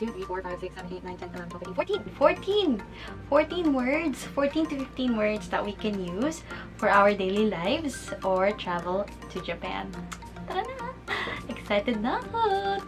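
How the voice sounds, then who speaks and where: A woman with a Filipino accent hosting a casual vlog lesson, bubbly and playful, giggling often and drawing out words as she pronounces them carefully. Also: mid-range voice. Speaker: vlogger teaching basic phrases. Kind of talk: casual vlog lesson, mixing Tagalog and English. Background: background music.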